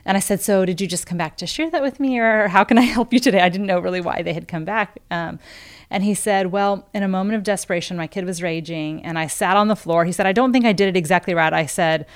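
A woman working as a parenting coach talks through a case in an interview setting. She is animated and acts out each exchange with the parents as she tells it. Her speech is loose and conversational, full of "um" and "like.". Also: mid-range voice, fast talker. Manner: animated storyteller who acts out quoted dialogue, with frequent "um" and "like". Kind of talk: podcast interview storytelling.

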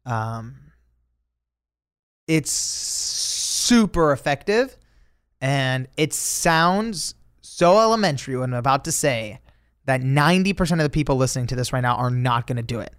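A man guesting on a podcast as an author, telling stories casually, animated and laughing, with swearing and many filler words. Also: mid-range voice, a little slow, clear, resonant tone. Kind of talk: casual storytelling.

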